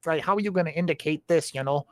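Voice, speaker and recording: A man's voice: a little high, fast talker, darkish tone, no echo. A man in a casual chat about writing, explaining his points and often checking in with tag questions.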